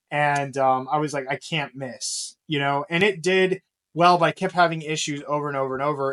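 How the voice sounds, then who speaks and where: A man's voice: on the high side, fairly bright tone. Rambling, laughing man podcast guest. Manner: rambling, laughs often, many fillers. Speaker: guest, real estate investor. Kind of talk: casual podcast interview.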